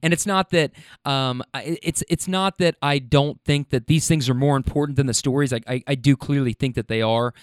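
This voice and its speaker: Smooth-voiced young man rambling, profane podcast storyteller. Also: medium pitch, moderate pace, no room sound, clean studio sound. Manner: rambling, profane, keeps checking in with listeners. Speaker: podcast host. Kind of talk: casual storytelling.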